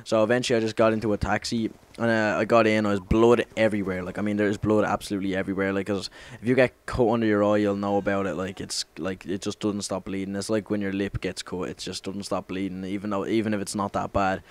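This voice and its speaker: A man's voice: fairly low pitch, little pitch movement, quick pace, few pauses. A young man telling a story casually over gameplay, rambling, swearing a lot and correcting himself as he goes. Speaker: gaming commentator.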